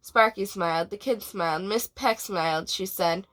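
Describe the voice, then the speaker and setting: A woman, a preschool teacher, reading a storybook aloud to children in an expressive way and asking them questions. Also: medium pitch, moderate pace.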